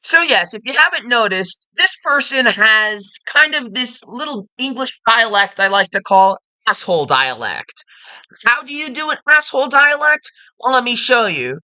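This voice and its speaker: A woman's voice: on the high side, very animated, normal speed, sharp tone, rough recording. A woman hosting an online commentary video, ranting bluntly with heavy swearing and sarcasm.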